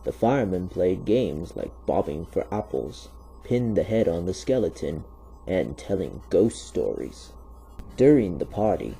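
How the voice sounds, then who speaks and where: A man reads a children's story in a low, very dark, gravelly voice. His reading is steady, but the intonation rises and falls widely. A faint hiss runs underneath. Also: rough recording. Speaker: narrator. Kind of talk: storybook narration.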